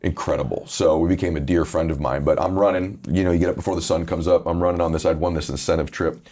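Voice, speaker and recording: A man with a deep voice, talking candidly as a guest author in a casual interview. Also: steady tone, fast, a little mellow. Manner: earnest, candid storytelling.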